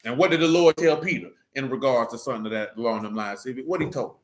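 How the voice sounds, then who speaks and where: A man's voice: mid-range voice, fast talker. A man talking in a casual, preaching way, emphatic and fond of rhetorical questions. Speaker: religious discussion leader. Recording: echoey room.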